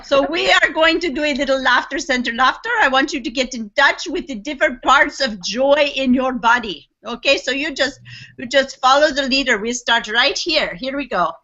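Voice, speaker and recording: A woman's voice: high voice, moderate pace, sharp tone. A woman leading a laughter exercise, playful and talking in a joking put-on accent. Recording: dull lo-fi audio.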